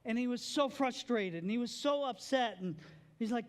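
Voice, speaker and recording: A man preaching a sermon as pastor, animated, with playful joking asides. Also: extremely high pitch, moderate pace.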